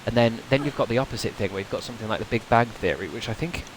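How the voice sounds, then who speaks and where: A man's voice: on the low side, racing, noisy background. Chatty streamer man. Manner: chatty and rambling, laughs often. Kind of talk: casual gaming livestream chat.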